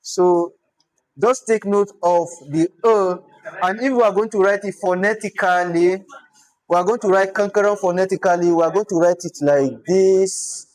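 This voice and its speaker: A language teacher with a Nigerian accent giving an informal lesson, repeating words slowly to show their pronunciation. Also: mid-range voice, fairly even intonation, a little mellow, poor audio.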